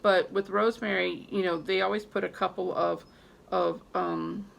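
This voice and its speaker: A woman herbalist talks informally to her viewers about cultivating and using herbs and about spell work, rambling with many fillers and restarts in an unscripted video. Her voice is fairly low and fairly even in intonation, at normal speed, with vocal fry.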